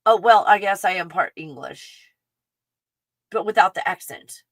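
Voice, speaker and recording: A woman with a Texan accent, hosting a casual livestream and chatting in an excitable, rambling way full of fillers. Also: mid-range voice, unhurried, no room sound. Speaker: livestream host. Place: home in the mountains.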